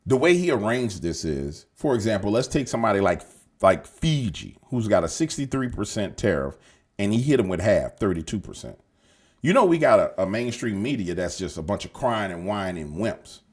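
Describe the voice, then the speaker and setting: A political commentary podcast host delivers a casual, opinionated monologue directly to his viewers, full of streetwise slang and profanity. His husky voice jumps around in pitch as he argues animatedly at a moderate pace. It sounds like he's using a desk mic.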